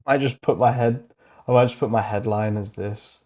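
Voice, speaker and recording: Excitable young man thinking aloud. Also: mid-range voice, normal speed. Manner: thinking aloud, excitable, laughs often, mutters asides. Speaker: host. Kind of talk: casual livestream commentary.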